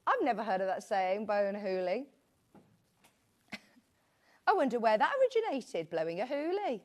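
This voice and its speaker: A woman's voice: medium pitch, sing-song, normal speed, darkish tone. A British woman presenting a live shopping show, chatting in a rambling, friendly way with asides. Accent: British English. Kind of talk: live sales chat.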